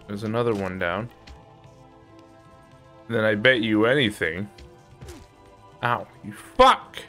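Swearing streamer yelling at a hard game. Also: male voice, lowish voice, takes it slowly, soft background music. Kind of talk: casual gameplay commentary.

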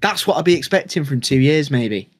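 A man's voice: fairly high pitch, expressive, fairly quick, faint music behind. A man co-hosting a quiz show, grilling contestants with mocking sarcasm. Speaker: co-host. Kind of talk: casual game-show banter.

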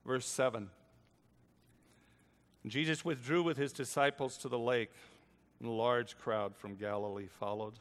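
An older man preaching a storytelling sermon, swinging between hushed and loud lines. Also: mid-range voice, fairly even intonation, measured pace, long pauses, big-room sound. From United States.

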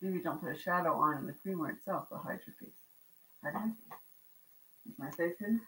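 A woman's voice: fairly low pitch, brisk, fairly bright tone, roomy sound. A woman co-hosting a live auction stream, trading teasing banter and greeting viewers with frequent laughs. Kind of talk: casual live-stream chat. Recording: voice heard from a distance.

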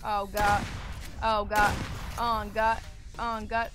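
A woman streaming a game live, talking to chat in an excitable, swear-filled way and shrieking when scared, with game music behind her. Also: medium pitch, slow pace, noisy background. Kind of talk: live gaming stream commentary.

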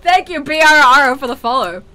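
A woman's voice: high-pitched, big pitch swings, brisk, fairly bright tone. A woman streaming a game with friends, teasing them, swearing and chanting taunts. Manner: playful trash talk, chanting and swearing. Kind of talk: gaming stream chat.

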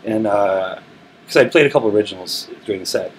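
A man's voice: lowish voice, fast, slight background noise, poor audio. A male musician in a studio interview, telling rambling stories with lots of restarts. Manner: relaxed, rambling storytelling with frequent restarts. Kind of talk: casual interview talk. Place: recording studio.

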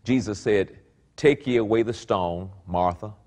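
A middle-aged pastor preaching a sermon, reading scripture aloud and commenting on it, swinging between low murmurs and high exclaims. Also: male voice, unhurried, darkish tone.

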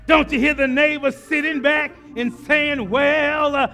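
A man preaching a sermon in a rhythmic, repetitive style with frequent "uh" fillers, building to shouted climaxes. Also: very high-pitched, steady tone, a little slow, few pauses, soft background music.

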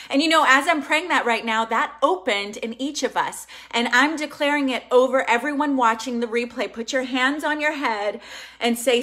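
A young woman hosting an online manifesting workshop, talking in an emphatic, excitable and casual way, swearing now and then. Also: sits high, normal speed. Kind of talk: live online workshop teaching.

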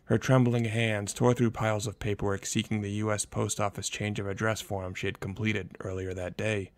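A man giving measured, grave scripted narration for a thriller audio drama. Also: lowish voice, vocal fry, no room sound.

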